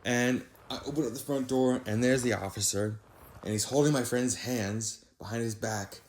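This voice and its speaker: A young man casually narrating a storytime anecdote, voice jumping higher when he quotes his own disbelief. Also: normal speed, slight background noise. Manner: animated, rises sharply when quoting himself in disbelief. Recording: echoey room.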